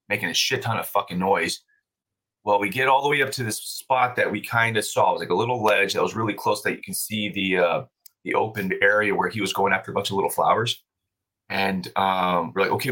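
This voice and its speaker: A man's voice: fairly low pitch, sharp tone. A man as a podcast guest, telling a story in a loose, profane, casual way and laughing often.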